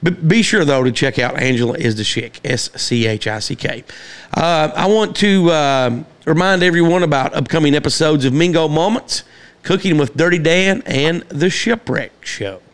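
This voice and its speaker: A man hosting a casual podcast, chatting loosely and reading shout-outs with frequent fillers and restarts. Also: fairly high pitch, moderate pace. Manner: rambling with many fillers and restarts. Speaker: podcast host.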